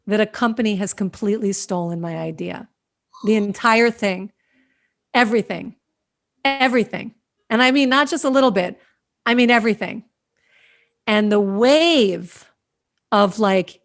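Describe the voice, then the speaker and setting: A woman host telling a personal story to an online group in an animated, expressive way over a video call. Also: mid-range voice. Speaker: host and company founder.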